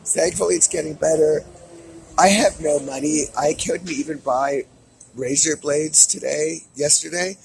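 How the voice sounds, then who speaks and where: A man's voice: a little high, unhurried, creaky, breathy edge, dry recording, rough recording. A man giving a weekly update to camera in an angry, profane rant. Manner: furious, profane ranting.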